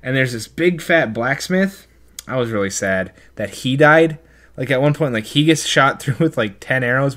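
A man co-hosting a podcast, chatting casually about a movie in quick, joking bursts. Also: mid-range voice, a bit bright. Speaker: podcast co-host.

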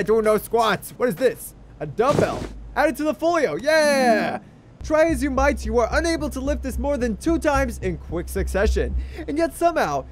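A young man doing goofy, excitable game commentary, talking to his teddy bear as he plays. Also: very high-pitched. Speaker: gaming YouTuber.

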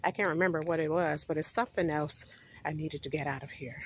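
A woman with a low, fairly even voice talks fast while vlogging on a handheld phone, slight noise in the background. Chatty and affectionate, she calls her viewers "you guys," out of breath as she walks outdoors and then through a store.

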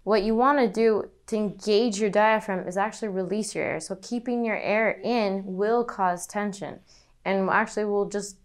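A woman's voice: mid-range voice, smooth. A woman teaching singing, demonstrating breathing exercises as she explains them. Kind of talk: vocal lesson demonstration.

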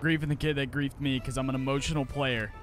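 A young man giving casual gameplay commentary, excitable and talking to himself and his viewers as he plays. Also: mid-range voice, quick pace. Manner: excitable, talks to himself and viewers while playing. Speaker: gaming creator. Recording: game music and gunfire behind voice.

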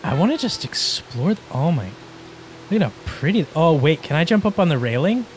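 A woman giving excited let's play commentary, gushing and giggling with lots of delighted exclamations. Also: sits low, fairly quick, slight background noise, rough recording. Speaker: gaming YouTuber.

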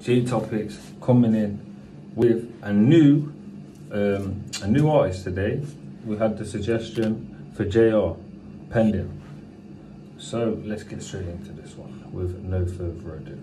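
A man's voice: fairly low pitch, unhurried, noisy background. Laid-back British man reacting to music. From United Kingdom. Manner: slangy, laid-back, swears freely. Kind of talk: casual reaction commentary. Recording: distant mic with rap track playing. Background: hip hop music.

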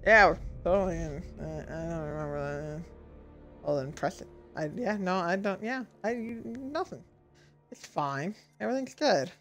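A woman's voice: fairly low pitch, expressive, moderate pace, faint music behind. A woman streamer commentating a horror game as she plays, swearing a lot and laughing at her own mistakes. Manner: swings between loud shouted outbursts and muttering. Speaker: gaming streamer. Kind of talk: let's-play commentary.

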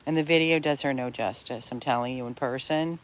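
A woman's voice: a bass voice, a little fast. A middle-aged woman from a dog rescue chatting casually in a backyard while filming on her phone. She is chatty and often trails off mid-sentence. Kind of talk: casual vlog chat.

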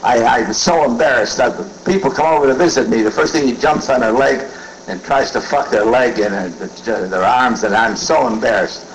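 A man's voice: medium pitch, normal speed, a little hiss or hum, close to an everyday voice, poor audio. A man voicing a middle-aged woman who complains in exasperation about her dog, in a joke told on stage. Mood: exasperated.

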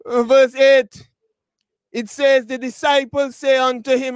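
A very high-voiced man preaches a funeral sermon, speaking slowly and deliberately. He leans into shouted emphasis, stretches out key phrases and repeats himself. The sound is close and dry. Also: no echo. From Tobago. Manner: addresses mourners directly, repeats words.

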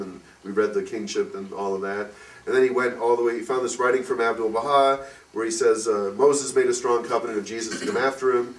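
A man telling an informal religious story at a fireside gathering, rambling with many fillers and acting out the people he quotes. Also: lowish voice. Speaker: fireside speaker. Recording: distant mic in echoey room.

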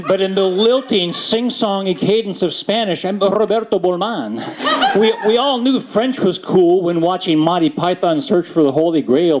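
A man performing comic spoken-word poetry on a bookstore stage, mock-serious and playful with halting restarts. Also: a little high, darkish tone. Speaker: slam poet. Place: bookstore stage before an audience.

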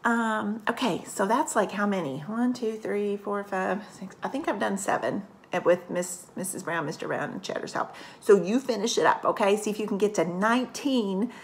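A woman kindergarten teacher giving a recorded online lesson, gentle and encouraging toward young children. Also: mid-range voice, normal speed, few pauses.

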